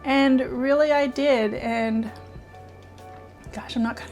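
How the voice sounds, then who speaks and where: A middle-aged woman talking from the heart to her viewers in a personal vlog, halting and earnest, often restarting and close to tears at times. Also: sits high, fairly even intonation, faint music behind. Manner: earnest, halting, with many restarts and soft laughs. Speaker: art YouTuber and children's author. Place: home studio with painting behind.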